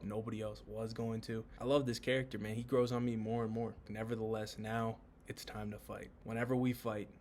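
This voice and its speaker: A young man talks through a comic chapter in loose, slangy commentary, swearing freely as he gets excited. His voice is on the low side and stays fairly level. A faint hum sits behind him. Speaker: manga recap YouTuber. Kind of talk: casual commentary.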